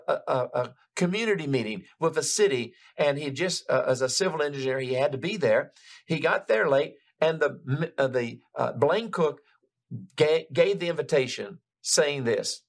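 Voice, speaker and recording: An older male preacher tells a story from the pulpit, his voice gravelly and worn at the edges. He sits a little above the usual male pitch and builds momentum as the tale climbs, often stopping to restart a phrase. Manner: animated, building retelling with frequent restarts. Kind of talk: storytelling sermon.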